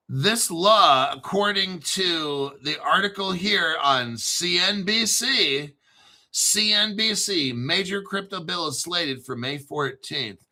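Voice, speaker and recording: A man's voice: a little high, animated, takes it slowly, sharp tone. A man hosting a crypto channel, ranting brashly and sarcastically and swearing a lot. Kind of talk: profane ranting monologue.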